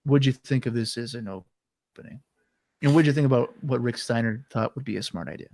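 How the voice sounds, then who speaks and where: A man's voice: mid-range voice, a little fast, creaky, a little mellow, no echo. Chatty man with a catching throat. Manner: chatty, loose, trails off at sentence ends. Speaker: podcast co-host. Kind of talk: casual chat recapping wrestling.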